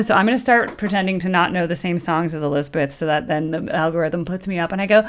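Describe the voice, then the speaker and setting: A woman's voice: lowish voice, fast, hardly any pauses. A woman hosting a music reaction video, chatting casually and rambling with many fillers and playful asides. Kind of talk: casual chat.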